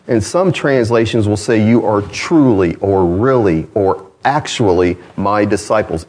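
Man preaching with lively pitch swings. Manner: self-deprecating asides. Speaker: pastor. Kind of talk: sermon.

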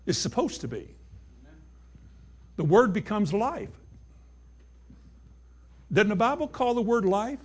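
A man's voice: high-pitched, very animated, takes it slowly, pauses often, slightly rough. A man preaching a sermon, reading scripture aloud and putting emphatic questions to his congregation.

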